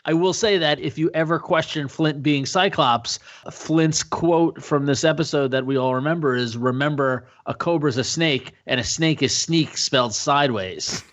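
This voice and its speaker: A man co-hosting a podcast, chatting casually and laughing often while he recaps a cartoon. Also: on the high side. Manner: animated, laughs often, lists names quickly. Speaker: podcast co-host. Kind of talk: casual chat about a cartoon. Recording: dull lo-fi sound.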